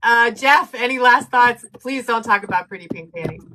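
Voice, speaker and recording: A woman's voice: a little high, background noise. A woman co-hosting a casual live-stream chat, telling anecdotes and laughing often. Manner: storytelling, laughs often, quick asides to the chat. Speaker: co-host.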